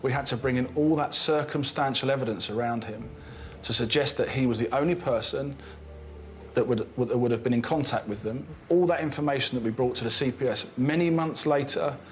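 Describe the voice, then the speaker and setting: A man's voice: medium pitch, brisk, faint music behind. A man, a police detective giving a documentary interview, who often restarts and repeats words.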